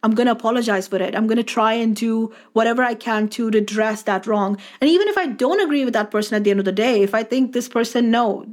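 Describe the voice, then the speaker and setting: A woman's voice: on the high side, quick pace, few pauses. A woman who works as a coach, speaking earnestly and emphatically in a casual interview. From India. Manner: earnest, emphatic, thinks aloud. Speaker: podcast guest, coach.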